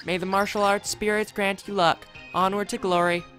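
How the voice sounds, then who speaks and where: A man's voice: high-pitched, level tone, moderate pace, pushed and bright, soft background music, pitched above the performer's own voice. A man voicing solemn male martial-arts brothers in a video game, speaking formally. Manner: formal, old-fashioned speech.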